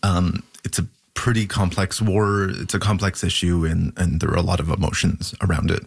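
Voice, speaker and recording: A male reporter debriefing a news anchor on air, measured, with frequent ums. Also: low voice, level tone, gravelly, breathy edge.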